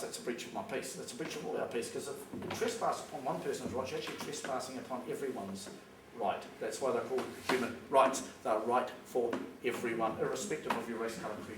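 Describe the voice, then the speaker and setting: A man with a New Zealand accent giving a plain-spoken, emphatic public talk to an audience in a school hall. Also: medium pitch. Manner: emphatic, plain-spoken, acts out phone calls. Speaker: public speaker. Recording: echoey hall recorded from a distance with background noise.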